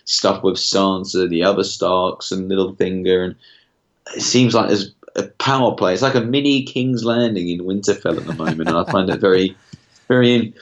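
A man with a very low voice co-hosting a casual podcast, thinking aloud in a loose, conversational way. The recording is a little dull and lo-fi, with the top end rolled off. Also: steady tone, moderate pace. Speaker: podcast co-host. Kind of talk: casual discussion. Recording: slightly dull lo-fi sound.

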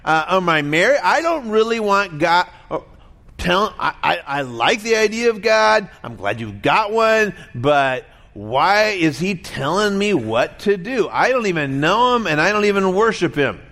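Lively high-voiced male preacher. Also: a little slow. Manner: conversational preaching, acts out voices in quotes. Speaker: pastor. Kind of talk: sermon.

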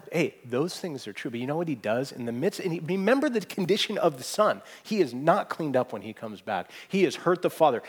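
A man preaching a sermon, earnest, pressing points hard and then dropping to a hushed voice. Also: fairly high pitch, breathy edge. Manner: earnest, swings from emphatic to hushed. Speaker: pastor.

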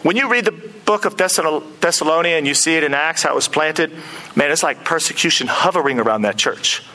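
A man preaching a sermon in an animated, conversational way, often acting out quoted speech. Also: fairly high pitch, brisk, low-quality recording. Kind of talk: expository sermon.

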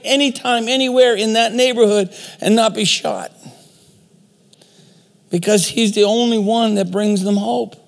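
A man's voice: sits high, vocal fry. A man giving a sermon, telling a story and asking the audience rhetorical questions, with self-deprecating asides. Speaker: speaker. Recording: long reverb of a large hall.

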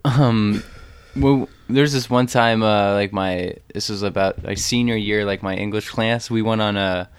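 A man's voice: lowish voice, steady tone, a little slow, smooth, dry recording. A man hosting a casual studio interview, making dry, wry comments. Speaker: podcast host. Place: radio studio.

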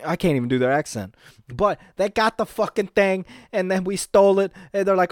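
A man's voice: high voice, expressive, a little fast, dry recording, studio quality. A man talking casually and crudely, rambling and laughing often.

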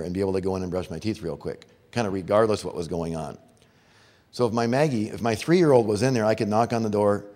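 A man's voice: fairly low pitch, a little mellow. A middle-aged man preaching a sermon to fathers, earnest and storytelling. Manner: earnest, storytelling with acted-out voices. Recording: long hall reverb.

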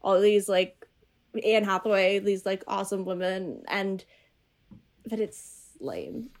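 A woman chatting casually about movies with friends, animated and full of "like" fillers. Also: medium pitch, takes it slowly, vocal fry.

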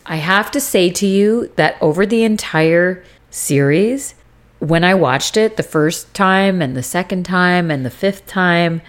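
A woman's voice: lowish voice, a little slow. A young adult woman co-hosting a podcast, recapping a TV series in casual chat and acting out scenes with swearing. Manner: animated retelling, acting out scenes with profanity. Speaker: podcast co-host.

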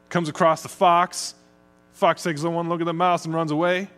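A middle-aged man from the United States, preaching a conversational sermon as pastor. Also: on the high side. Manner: conversational, chatty, speeds up when excited.

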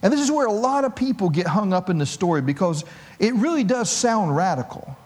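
A man's voice: high-pitched, big pitch swings, brisk, darkish tone. A male pastor preaching a sermon, telling the story with humor. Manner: storytelling, humorous, acts out voices.

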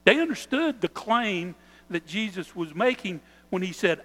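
A man preaching a sermon as pastor, earnest, slowing down and stressing key phrases. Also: high voice, animated, a bit bright, big-room sound, low-quality recording.

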